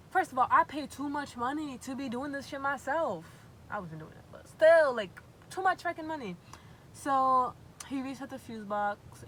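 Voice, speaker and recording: Bright-voiced young woman telling a story. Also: medium pitch, a little hiss or hum, poor audio. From Massachusetts. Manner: animated, profane, exasperated storytelling. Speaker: vlogger. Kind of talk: storytime vlog.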